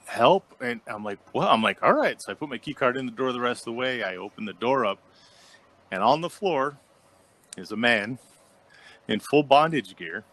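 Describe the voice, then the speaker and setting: A man co-hosting a podcast, telling a long story in casual chat and acting out the quotes by jumping up in pitch. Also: normal speed, long pauses. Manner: animated storyteller, acts out quotes with jumps in pitch. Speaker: podcast co-host.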